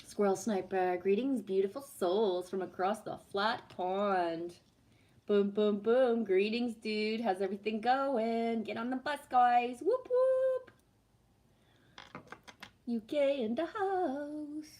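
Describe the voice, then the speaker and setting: A woman's voice: mid-range voice, animated, slow pace, darkish tone. A woman chatting casually on a live stream, reading the chat, swearing freely and laughing at herself.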